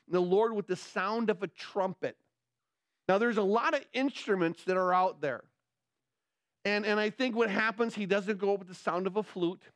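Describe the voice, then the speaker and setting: A male pastor preaching a sermon, excitable and getting louder as he gets worked up, often restarting his words. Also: high voice, no echo, clean studio sound. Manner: excitable, gets loud when excited, many repeated restarts.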